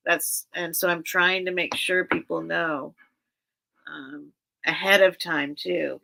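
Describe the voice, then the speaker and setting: A woman's voice: on the low side, creaky, sharp tone. A woman hosting a casual livestream sale, chatting with viewers in a rambling, earnest way with many restarts. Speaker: livestream seller and host.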